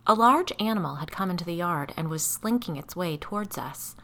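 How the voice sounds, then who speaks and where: A woman with a low-pitched voice narrates a first-person story. Her tone is bright and forceful, and her delivery is measured and tense. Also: expressive. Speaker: audiobook narrator.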